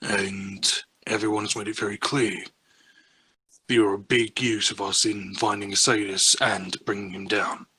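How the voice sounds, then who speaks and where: A man's voice: fairly low pitch, level tone, normal speed, bright, forceful tone, husky. A man voicing a blunt, calculating crew member in a tabletop game, matter-of-fact and unapologetic.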